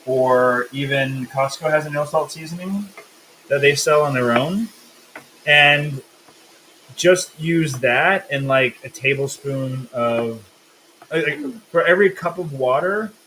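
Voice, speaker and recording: A man's voice: mid-range voice, slow pace, sharp tone, slight background noise, low-quality recording. A man hosting a live cooking stream, explaining steps and teasing his co-host in a casual, joking way. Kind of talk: casual live cook-along chat.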